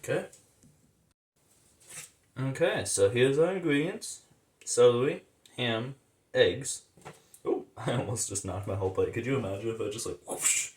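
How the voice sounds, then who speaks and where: A man's voice: medium pitch, a little slow, long pauses. A man hosting a casual cooking vlog in his home kitchen, rambling, slangy and amused at himself. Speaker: cooking vlogger. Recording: echoey room, faint noise.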